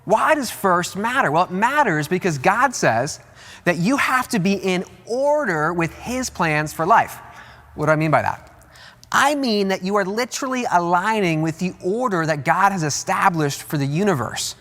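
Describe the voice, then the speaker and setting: A man preaching a sermon as pastor, emphatic and animated, repeating key words and jumping up in pitch to stress them. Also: normal speed. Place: large church auditorium. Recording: long hall reverb with faint music.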